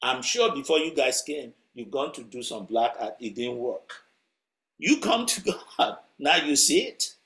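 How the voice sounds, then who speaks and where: A man's voice: mid-range voice, normal speed, hardly any pauses, fairly bright tone. Man telling a story in a sermon. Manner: conversational, chuckling as he tells the story.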